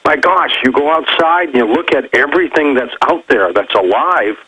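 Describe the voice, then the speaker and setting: A man over sixty, a radio host, speaking as a guest on another show in animated, storytelling talk. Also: on the high side, slightly rough, low-quality recording. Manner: storytelling, animated, quick bursts of emphasis.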